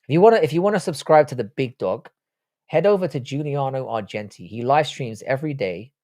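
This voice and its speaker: A man's voice: mid-range voice, animated, fairly quick, darkish tone. A man hosting a casual live stream, reading out viewer chat and answering it with loose, profane talk. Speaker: livestream host.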